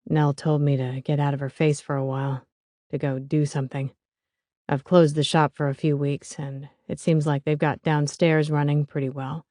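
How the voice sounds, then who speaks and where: A woman voicing a deep-voiced young man who speaks calmly and matter-of-factly. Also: moderate pace, no room sound, studio quality, lightly acted.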